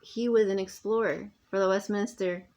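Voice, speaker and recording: This vlogger's voice is medium in pitch and somewhat dark, steady in tone and at a normal speed. She rambles through a personal monologue straight to her phone, emphatic and often starting over only to trail off.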